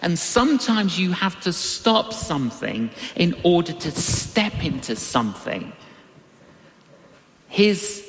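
Guy preaching slow, voice jumps all over, big echoey hall sound. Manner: animated storytelling with big pitch swings. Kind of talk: sermon.

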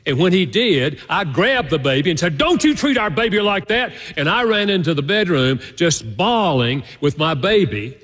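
A male pastor preaching a conversational sermon, telling stories and jumping up high in pitch for emphasis. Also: fairly bright tone. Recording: long reverb of a large hall.

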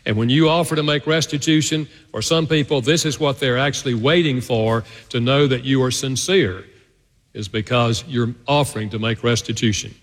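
A man preaching a sermon to his congregation, swinging between loud and hushed delivery. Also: medium pitch, moderate pace, long reverb tail. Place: church sanctuary.

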